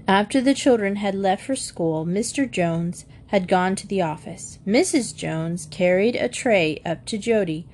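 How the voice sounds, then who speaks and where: A woman narrating a children's storybook in a clear, even way. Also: medium pitch, a little hiss or hum. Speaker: audiobook narrator.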